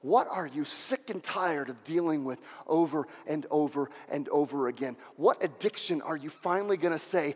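High-voiced fervent preacher in a reverberant hall. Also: male voice, animated, moderate pace, hardly any pauses, darkish tone. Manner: fervent, repeats phrases for emphasis. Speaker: pastor. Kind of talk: sermon. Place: church sanctuary. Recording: long reverb of a large hall.

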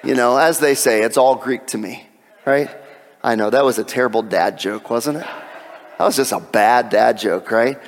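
A man preaching a sermon in an animated way, with jokes and asides. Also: medium pitch, normal speed, long reverb tail. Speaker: pastor.

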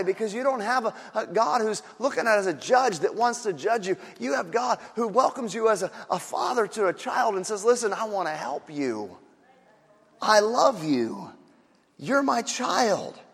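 A man preaching a sermon as pastor, emphatic and repetitive, rising to shouts and dropping low. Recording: hall reverb.

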